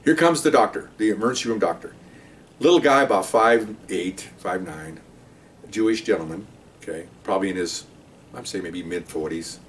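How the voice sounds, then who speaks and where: A middle-aged man, a former police officer, telling a story from his patrol days in a casual, animated way, talking to his listeners. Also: deep voice, normal speed, distant mic, a little hiss or hum. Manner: conversational, animated, asides to listeners.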